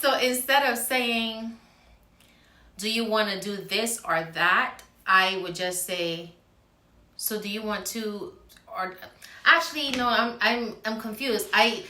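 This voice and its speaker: A woman co-hosting a relaxed conversation, talking earnestly and working through her points with small examples. Her voice is bright and forward, and it rings a little off the walls of an echoey room. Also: mid-range voice, slow pace. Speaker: co-host. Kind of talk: casual chat.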